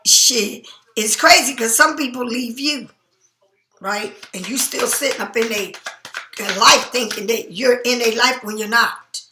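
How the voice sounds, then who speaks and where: A woman's voice: fairly high pitch, unhurried, pushed and bright, echoey room, a little hiss or hum. A woman giving a casual tarot reading to her viewers, blunt and emphatic, swearing freely, and sleepy enough to keep yawning. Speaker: tarot card reader.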